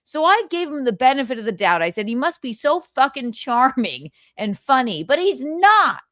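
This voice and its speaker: A woman's voice: sits high, big pitch swings, normal speed, fairly bright tone, no echo, studio quality. A woman hosting a livestream, giving casual gossip commentary in a sarcastic, profane rant. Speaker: livestream host.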